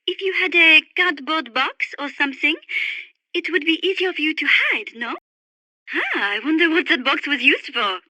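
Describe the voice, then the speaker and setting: An actress voicing a refined, dreamy young French woman birdwatcher in game radio calls, with a French accent and a breathy manner. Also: high-pitched, sing-song, moderate pace, bright, forceful tone, no echo, full character voice. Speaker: radio support character.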